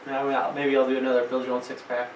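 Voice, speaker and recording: A man's voice: mid-range voice, completely flat delivery, very fast. Laid-back man in an echoey room. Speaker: podcast co-host. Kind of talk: casual chat. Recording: roomy, distant mic with faint noise.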